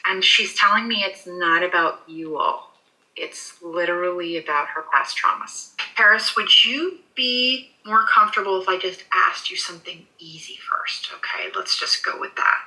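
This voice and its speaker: A woman working as a pet psychic in a session, soothing and reassuring, often halting with fillers. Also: lowish voice, bright, forceful tone, low-quality recording. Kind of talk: animal communication session.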